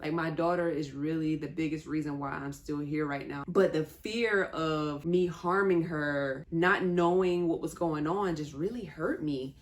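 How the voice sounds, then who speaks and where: A woman's voice: low voice, unhurried, hardly any pauses. A young woman telling a personal story in a candid, conversational way, with small laughs between sentences. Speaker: vlogger.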